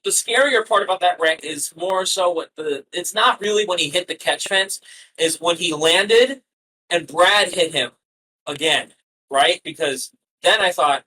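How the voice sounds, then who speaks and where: A man's voice: sits high, a little slow, bright, forceful tone, low-quality recording. A man in his twenties co-hosting a casual motorsport podcast, talking earnestly and conversationally. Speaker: podcast co-host.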